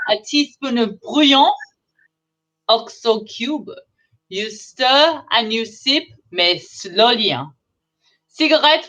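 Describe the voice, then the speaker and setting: A woman's voice: mid-range voice, natural voice. A woman playing a haughty, blunt French woman fitness guru with a French accent, in a live comedy character monologue. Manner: blunt, deadpan, dismissive asides. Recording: dull, lo-fi sound.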